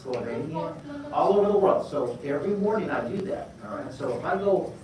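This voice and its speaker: A man teaching a live drawing lesson to schoolchildren. He encourages them warmly and calls out for responses. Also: a little high, a little fast. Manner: energetic, encouraging, call-and-response. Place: large school hall. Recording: very echoey hall, distant mic, noise.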